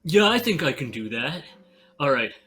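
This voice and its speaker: A man's voice: on the high side, big pitch swings, normal speed, sharp tone, faint music behind. A man playing a tabletop game in character, earnest, naive and dim-witted. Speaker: player. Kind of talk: in-character tabletop role-play.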